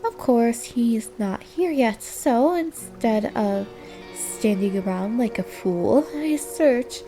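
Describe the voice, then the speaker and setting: A young woman narrating a visual novel in a wistful, weary inner-monologue voice. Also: a little high. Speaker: game voice-over reader.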